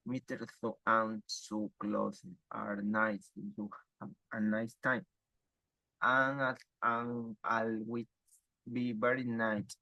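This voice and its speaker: A man reads a passage aloud, slowly and haltingly, stumbling and restarting over words. His voice sits a little low, and the recording is dry and close with no room sound. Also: level tone, gravelly, bright, forceful tone, no echo, muffled recording. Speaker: student reading aloud. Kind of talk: reading a text aloud for an exam.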